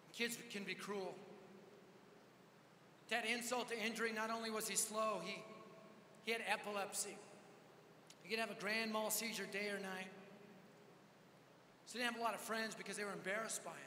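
Man, conference preacher, very high voice, roomy echo, faint crowd ambience. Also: a little hiss or hum. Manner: energetic, dramatic swings from loud to hushed. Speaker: conference speaker. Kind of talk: storytelling sermon. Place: large hall. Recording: echoey hall with long reverb.

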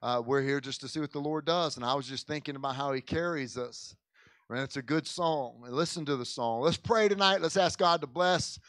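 In a church sanctuary, a male pastor talks casually to his congregation during the service, stumbling, repeating and restarting words as he speaks and prays, with folksy asides of "man" and "amen." His voice is a little high, a little fast and a bit bright, with no room sound.

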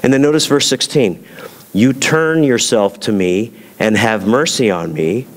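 A man's voice: medium pitch, a little slow, long reverb tail. A man preaching as a pastor, talking in a conversational way and asking his congregation rhetorical questions. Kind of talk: sermon.

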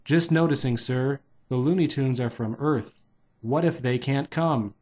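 A man's voice: mid-range voice, a little slow, a little mellow, breathy edge. A tiny alien worker speaks up nervously and politely to his boss, as a man reads him aloud. Nothing about the voice is disguised.

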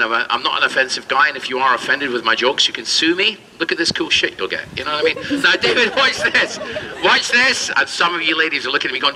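A man's voice: a little high, noisy background. A man performing as a street magician, doing cheeky comedy patter and bantering with the crowd at an outdoor show.

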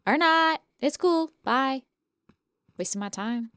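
Young woman, high voice, unhurried, playful game commentary, sings and hums between lines. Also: animated, fairly bright tone, no room sound, studio quality. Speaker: gaming streamer. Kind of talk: casual let's-play commentary.

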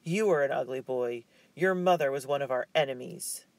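A man's voice: mid-range voice, moderate pace, dry recording, lightly acted. A man voicing an impatient, stubborn young girl in an audiobook, his voice lifted a little and earnest.

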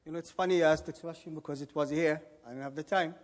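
A man's voice: fairly high pitch, fairly even intonation, fast, background noise. A man giving an emphatic debate rebuttal, firing mocking rhetorical questions. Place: debate hall. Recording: echoey hall with long reverb.

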